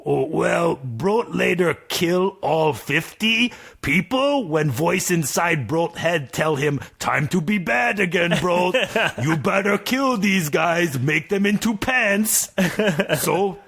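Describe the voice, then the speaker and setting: A hulking, brutal giant who drags out every word of his broken caveman grammar, voiced by a man. He plods along, high and slow, in a comic tabletop tale. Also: lively intonation, creaky, a bit bright, slightly rough, heavily acted. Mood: sheepish. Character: grotesque male giant warrior, slow-witted and brutal.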